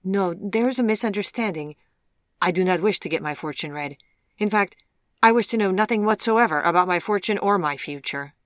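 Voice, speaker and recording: A woman voicing a proper, skeptical young gentleman in an audiobook, speaking politely but dismissively in formal phrases. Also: on the high side, brisk, no room sound, clean studio sound. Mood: upset. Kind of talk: audiobook character voice.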